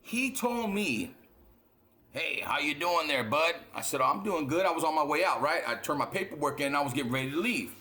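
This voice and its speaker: A man's voice: fairly high pitch, lively intonation, fast talker, few pauses, pushed and bright. A man hosting a reaction channel, talking in a blunt, profane, emphatic way and often repeating words as he rants and tells a story. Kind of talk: casual reaction monologue.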